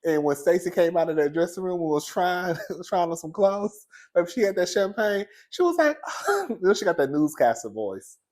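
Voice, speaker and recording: A man giving casual, sassy commentary on a reality TV episode, chatty and quick to laugh. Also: high voice, darkish tone. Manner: sassy, chatty, laughs often, calls viewers "girl" and "baby". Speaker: reality TV reviewer.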